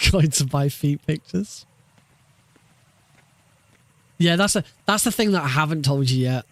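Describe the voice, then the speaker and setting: A man's voice: a little high, lively intonation, normal speed, fairly bright tone, dry recording. A man streaming a speedrun practice, chatting casually with viewers, laughing often and swearing freely. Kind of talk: casual live-stream chat.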